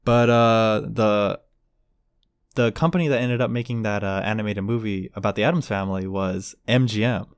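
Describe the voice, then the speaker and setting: A man's voice: on the low side, fairly even intonation, normal speed, clear, resonant tone, dry recording. Casual podcast co-host, male, chatty storyteller who does the quotes, dry sound. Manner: rambling, acts out quotes with voices. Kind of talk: casual chat.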